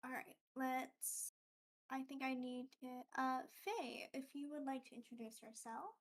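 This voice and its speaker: High-voiced woman hosting from afar. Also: fairly even intonation, unhurried. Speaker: stream host. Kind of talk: hosting introductions.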